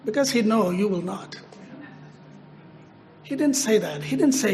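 Slow, high-voiced preacher in a reverberant hall. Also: male voice, lively intonation, a little mellow. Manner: slow, emphatic, repeats phrases, rises sharply on quoted prayers. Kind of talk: sermon.

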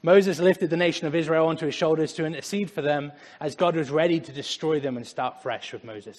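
A young man preaching a lively sermon in a church, laughing often as he talks. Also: on the high side, a little fast, hardly any pauses, in a large hall. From Germany. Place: church sanctuary.

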